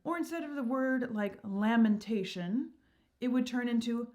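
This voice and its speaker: A woman's voice: on the high side, expressive, normal speed, darkish tone. Upbeat woman explaining verse meter. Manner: upbeat, enthusiastic, teacherly. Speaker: channel host.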